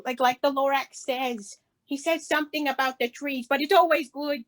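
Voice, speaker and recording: A woman's voice: high voice, steady tone, normal speed, natural voice. A woman playing an eager, rambling young activist in an improv comedy scene. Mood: earnest.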